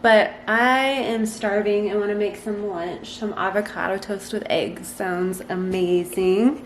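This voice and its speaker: A woman's voice: mid-range voice, steady tone, unhurried, roomy sound, a little hiss or hum. A young woman chatting casually as a mom vlogger, upbeat and full of fillers like "um" and "like". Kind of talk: casual home vlog narration. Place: home nursery and kitchen.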